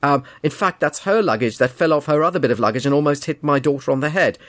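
A man's voice: fairly high pitch, fast talker, a bit bright, no echo. Guy rambling thru a travel story, kinda indignant and wry, dry room. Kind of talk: casual anecdote.

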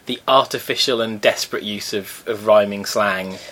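A man's voice: on the low side, normal speed, fairly bright tone. A man co-hosting a casual chat, speaking in a wry, arch, mock-haughty way. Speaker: podcast co-host.

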